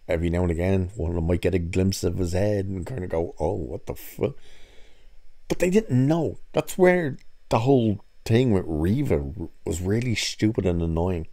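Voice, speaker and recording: A man with a low, mellow voice recaps a TV episode in a loose, casual way. He is sarcastic and mocking, and he swears freely as he picks the plot apart. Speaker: show reviewer.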